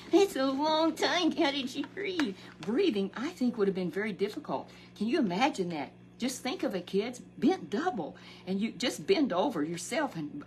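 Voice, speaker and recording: A woman telling a Bible story for children in a homespun, chatty way, often rising into excited exclamations. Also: a little hiss or hum. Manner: animated, exclamatory, swoops high on emotional words; chatty, homespun, talks straight to the listener. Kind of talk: folksy Bible story told to a puppet.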